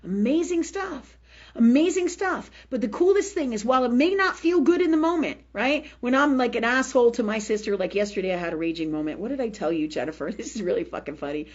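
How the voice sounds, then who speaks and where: A woman's voice: on the high side, expressive, quick pace, highs cut off. A woman hosting a spiritual health show, speaking bluntly with plenty of profanity, laughing often, and slipping into repetitive healing prayers. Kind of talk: candid spiritual talk on a live show.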